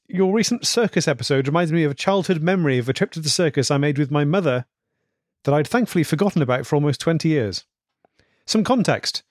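A man co-hosting a casual podcast, reading listener emails aloud in a dry, measured way. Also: fairly high pitch, no room sound.

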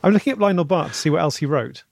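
A man's voice: a little high, animated, very fast, creaky, no echo, studio quality. A man, co-hosting a comedy podcast, wryly reading out what he has looked up. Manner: wry, looks things up and reads them aloud. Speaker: podcast co-host reading out research. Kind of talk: casual comedic chat.

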